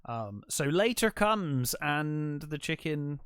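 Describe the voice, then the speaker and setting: A man co-hosting a film podcast, recapping scenes in a relaxed way with fillers and chuckles. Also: fairly high pitch, takes it slowly, clean tone, no echo, studio quality. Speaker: podcast co-host. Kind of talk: casual film chat.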